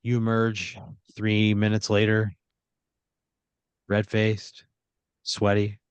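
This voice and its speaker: Brief: male podcast host, low register, deadpan comic narrator, dry studio sound. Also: clean tone, dry recording, dull audio. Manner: deadpan second-person narration with drawn-out phrases. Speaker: podcast host spinning a scenario. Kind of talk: improvised comedic storytelling.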